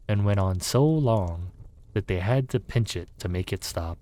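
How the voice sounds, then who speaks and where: A man narrating a storybook in a calm, soft, ASMR-style reading. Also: on the low side. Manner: calm, unhurried.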